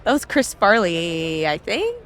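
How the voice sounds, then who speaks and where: A woman's voice: on the low side, big pitch swings, measured pace, a bit bright, slight background noise. A woman co-hosting a live podcast at a conference, chatting casually with lots of fillers. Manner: chatty, lots of likes and ums. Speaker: podcast co-host. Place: conference hall floor.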